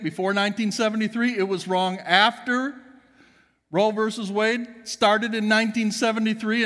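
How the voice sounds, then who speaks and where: A pastor delivering an emphatic sermon in a church, swinging between loud and hushed. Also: male voice, high voice, long reverb tail. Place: church sanctuary.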